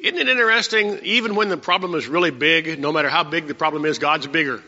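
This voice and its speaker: Male preacher, bright voice a bit high, chatty Bible-study delivery, echoing church hall. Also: quick pace. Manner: conversational, asks the congregation questions. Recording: muffled sound with long hall reverb.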